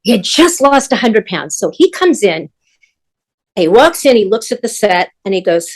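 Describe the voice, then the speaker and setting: A woman's voice: medium pitch, normal speed. An older woman, a guest who works as a stage manager, telling backstage stories in casual chat and acting out what other people said. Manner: animated, acts out other people's lines. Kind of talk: anecdotal storytelling in casual chat.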